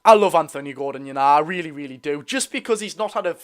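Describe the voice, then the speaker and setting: A young Geordie man chatting on a football livestream, his voice sitting a little high for a man. He talks loosely and easily, reads out viewer comments, and keeps calling his audience lads and lasses. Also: expressive, quick pace. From North East England. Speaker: football fan livestream host. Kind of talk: casual live watch-along chat.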